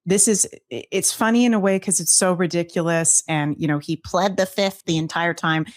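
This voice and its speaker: A woman co-host chatting casually in an animated, incredulous tone, her voice sitting a little low. The sound is dry and close, with no room around it. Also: normal speed, no echo. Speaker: podcast co-host. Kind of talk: casual chat.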